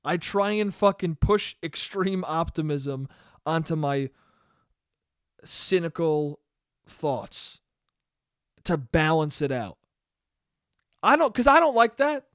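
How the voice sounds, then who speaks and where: High-voiced man ranting solo. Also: very animated, slow pace, long pauses, no room sound, studio quality. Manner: profane, self-mocking rant with acted-out inner voices. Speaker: podcast host. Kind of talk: solo comedic monologue.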